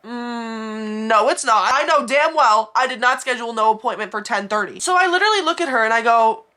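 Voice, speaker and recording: A woman's voice: a little high, animated, brisk, bright, forceful tone. A young woman telling a storytime vlog, ranting in an exasperated, sarcastic way. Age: young adult. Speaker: vlogger. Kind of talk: casual storytime rant.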